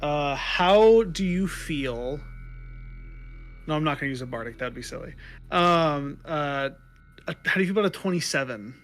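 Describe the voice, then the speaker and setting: A man's voice: a little high, expressive. A man playing a tabletop game, chatting casually and playfully with frequent laughs. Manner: playful, laughing, halting restarts. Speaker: player.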